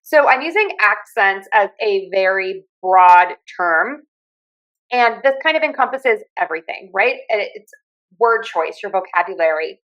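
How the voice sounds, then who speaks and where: Female podcast host with a light Pittsburgh accent, measured and clear, teaching as she talks. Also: mid-range voice, lively intonation, a bit bright, low-quality recording. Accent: Pittsburgh, softened by years in other US regions. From Western Pennsylvania. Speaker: podcast host and communication coach. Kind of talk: solo podcast talk.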